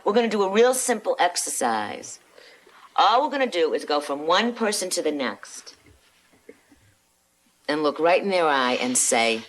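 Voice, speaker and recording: A woman counselor calmly instructing a group of students through an exercise. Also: sits low, a little hiss or hum.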